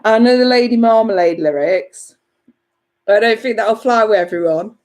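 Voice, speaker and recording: A woman's voice: fairly high pitch, normal speed, a little mellow. A woman, a tarot reader chatting on a live stream, reading out viewer comments in a chatty, giggly way with casual swearing.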